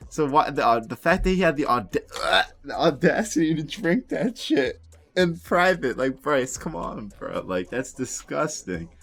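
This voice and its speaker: A man's voice: on the high side, big pitch swings, moderate pace, vocal fry, fairly bright tone. A young man telling a storytime tale in a casual, rambling way, swearing and laughing as he goes. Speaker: storytime vlogger.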